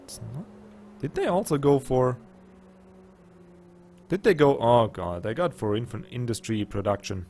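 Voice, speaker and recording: A man's voice: medium pitch, animated, measured pace, pauses often, a little mellow, a little hiss or hum. A man with a German accent, casually commenting on a strategy game and thinking aloud with muttered asides. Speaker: let's play gamer.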